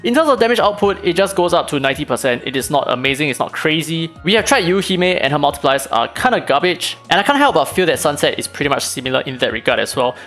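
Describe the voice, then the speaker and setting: Fast-talking man explaining game tactics. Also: on the high side, expressive, a bit bright, faint music behind. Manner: casual, analytical, fast-talking with fillers. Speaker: gaming channel host. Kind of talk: game guide commentary.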